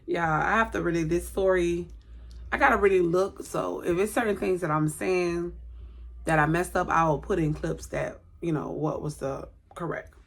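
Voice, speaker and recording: A woman with a low, gravelly voice talks straight to her viewers in a loose, rambling way. She keeps stopping to correct herself as she tells a personal story. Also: moderate pace. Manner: chatty, rambling, self-correcting. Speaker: vlogger. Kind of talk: casual storytelling to camera.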